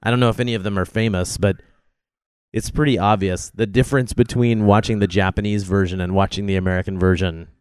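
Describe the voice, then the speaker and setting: Smooth low-voiced man, dry close mic. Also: steady tone, fast talker, a little mellow, no room sound. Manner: knowledgeable, wry, trivia-heavy. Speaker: podcast co-host. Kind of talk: film commentary chat.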